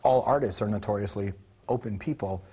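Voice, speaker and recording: A man hosting a talk show, with a somewhat low, husky voice. He asks his questions quickly and keeps a playful edge. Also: mellow.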